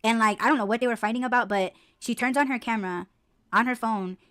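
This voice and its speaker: A podcast co-host with a fairly high, smooth voice talks fast, animatedly telling stories in casual chat. She swears heavily and fills her speech with "like" and other filler words.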